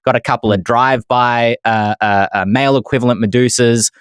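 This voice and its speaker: A man's voice: mid-range voice, steady tone, a little fast, clean tone, no echo, clean studio sound. A man hosting a casual tabletop gaming podcast panel, playful and jokey, laughing often. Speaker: podcast host.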